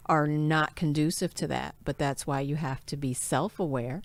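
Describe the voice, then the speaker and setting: Low-voiced woman hosting a chat show. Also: normal speed. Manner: earnest, upbeat, frequent laughter. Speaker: podcast host. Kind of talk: casual chat.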